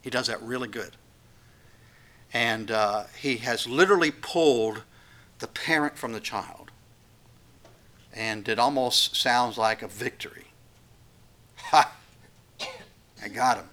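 Earnest, bright-voiced preaching man. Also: medium pitch, measured pace, pauses often. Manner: earnest, emphatic, acts out quoted voices. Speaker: pastor. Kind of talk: expository sermon.

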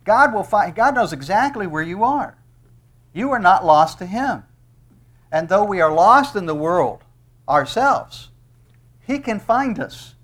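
A man's voice: fairly high pitch, a bit bright. A middle-aged man preaching an expository sermon, reading scripture aloud and stressing key phrases emphatically. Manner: emphatic, rising on quoted verses.

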